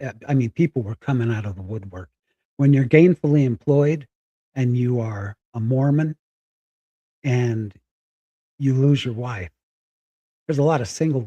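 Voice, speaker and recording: Husky middle-aged man, halting and candid. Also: medium pitch, dark tone, no echo. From Spokane, Washington. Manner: candid, halting, close to tears. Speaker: guest. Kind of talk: personal storytelling.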